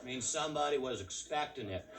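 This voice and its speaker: A stand-up comedian with a West Texas drawl, speaking at a middling pitch. He tells his stories dryly on a club stage into a handheld mic, with steady noise under the recording. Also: fast. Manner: dry, drawling storyteller.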